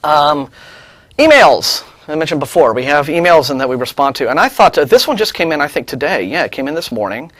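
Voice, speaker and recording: A man co-hosting a studio talk show, animated and mocking as he reads out and takes apart an email. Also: a little high, a little fast, dry recording. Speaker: co-host.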